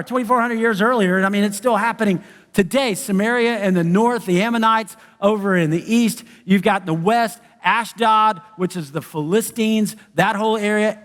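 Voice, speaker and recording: High-voiced preaching man in a reverberant hall. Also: fairly bright tone. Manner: conversational preaching, acts out quoted voices. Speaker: pastor. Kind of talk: sermon. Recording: church sanctuary with long reverb.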